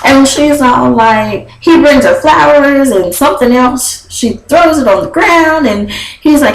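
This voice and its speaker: Young woman vlogger, sassy casual chat, high animated voice. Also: slow, roomy sound, a little hiss or hum, low-quality recording. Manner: sassy, chatty, animated with laughs and quoted voices. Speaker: vlogger recapping a reality show. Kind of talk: casual gossip recap.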